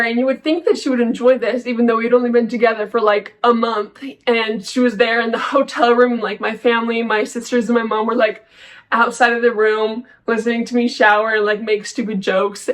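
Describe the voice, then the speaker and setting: A woman's voice: on the high side, rough recording. A young woman vlogging, telling a personal story in a chatty, candid, self-mocking way with lots of fillers. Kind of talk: casual storytelling.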